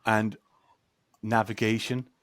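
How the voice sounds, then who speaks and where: A man speaks as a guest in an interview, with a fairly low voice. The sound is dry and close, with no room around it. He talks in a relaxed, conversational way over a video call and slips into anecdotes. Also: takes it slowly, no echo. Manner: storytelling, acts out quoted voices.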